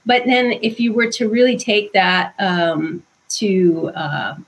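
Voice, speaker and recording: A woman guest author explaining ideas in conversation, thoughtful and unhurried, with frequent ums. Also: medium pitch, fairly even intonation, breathy edge, poor audio.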